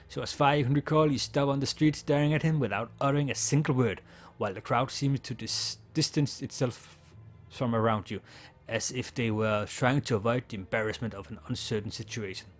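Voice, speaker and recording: A man's voice: mid-range voice, a little fast. A man, not a native English speaker, reading game text aloud and chatting casually in a let's play, with a slightly sore throat.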